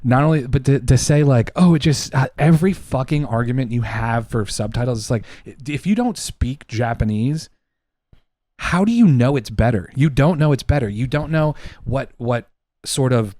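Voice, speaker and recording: A man's voice: mid-range voice, darkish tone, no room sound, clean studio sound. A man co-hosting a casual podcast, arguing heatedly and emphatically, with lots of swearing. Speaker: podcast co-host.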